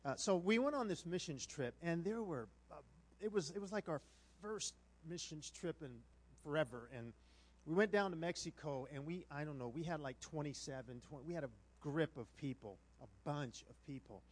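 Telling a humorous sermon story, this middle-aged pastor is animated and self-mocking, playing out people's words. He speaks at a normal speed in a fairly high pitch.

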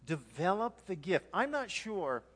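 High-voiced animated male preacher. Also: unhurried, big-room sound. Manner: animated, acts out dialogues, repeats words. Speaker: pastor. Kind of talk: sermon. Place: church hall with a congregation.

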